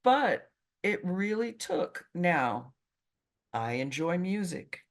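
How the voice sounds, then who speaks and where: A middle-aged Brazilian woman, a native Portuguese speaker with a slight Brazilian accent, is a medical interpreter appearing as an interview guest. She answers questions as an animated, expressive storyteller, speaking slowly in a lowish voice.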